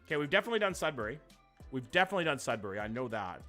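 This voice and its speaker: A young man gives live-stream commentary in a bright, sharp voice. He talks with a lively, swooping delivery and swears freely. Soft music plays underneath. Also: medium pitch, rapid-fire. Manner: animated, profane, jokey. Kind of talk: live-stream commentary, reacting and reading chat.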